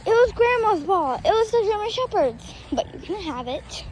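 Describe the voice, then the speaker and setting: A woman's voice: very high voice, big pitch swings, moderate pace, slight background noise. A young girl playing outdoors with her dog, coaxing and chatting to him in a playful sing-song voice. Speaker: dog owner. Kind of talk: casual vlog talk to a dog. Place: outdoors in a yard.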